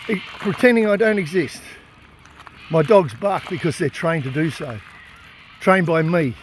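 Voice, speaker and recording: Australian male activist, high voice, defiant and indignant, phone-filmed, faint noise behind. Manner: defiant, indignant, raises his voice to make points. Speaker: animal rights activist. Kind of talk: impassioned filmed monologue and confrontation. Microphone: phone camera held by speaker.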